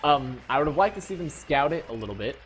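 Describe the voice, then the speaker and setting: A man's voice: on the high side, expressive, fast, faint music behind. A man giving color commentary on a video game match, rambling and self-correcting, with mock despair. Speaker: esports color caster.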